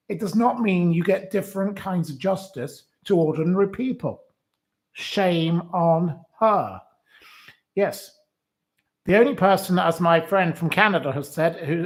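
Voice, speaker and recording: A man hosting solo commentary on the news. He reads out quotes, rebuts them and heaps indignant, scornful insults on their author. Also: high-pitched. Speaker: host.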